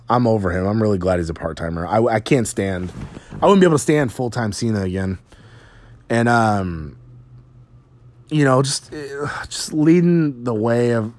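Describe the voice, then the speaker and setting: Rambling low-voiced man swearing casually. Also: dry recording. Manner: rambling, swears freely, many fillers. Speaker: wrestling show recapper. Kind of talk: casual recap chat.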